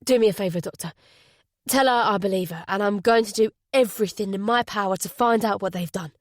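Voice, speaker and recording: A woman reading a guarded, conflicted male detective in an audiobook, in a plain, measured voice. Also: medium pitch, no echo, clean studio sound, natural voice. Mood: tense.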